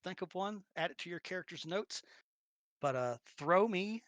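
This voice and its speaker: A man's voice: sits high, lively intonation, normal speed, fairly bright tone, dry recording. A man running a tabletop role-playing game as game master, narrating the action animatedly, laughing often and acting out little sounds.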